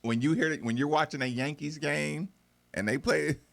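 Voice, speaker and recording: A man hosting a sports radio show from a studio, chatting excitably and talking straight to listeners. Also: a little high, normal speed, gravelly. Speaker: radio host. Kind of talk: casual sports radio banter.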